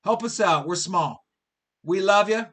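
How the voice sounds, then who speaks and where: A man's voice: high voice, measured pace, fairly bright tone. A man in his fifties hosting a live sports talk show, ranting in an exasperated way and repeating his questions. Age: 50s.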